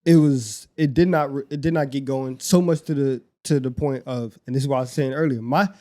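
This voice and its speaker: A young man co-hosting a casual sports podcast, talking in an animated way and often repeating and restarting his phrases. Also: mid-range voice, brisk. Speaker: podcast co-host.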